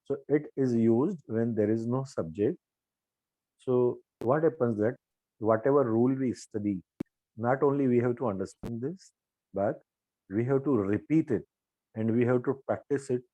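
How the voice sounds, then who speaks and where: An older man with an Indian English accent teaches grammar in a mellow, warm voice. He explains patiently and runs through drill sentences aloud. The sound is dry and close. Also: medium pitch, unhurried, long pauses, no room sound, highs cut off. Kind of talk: spoken grammar lesson.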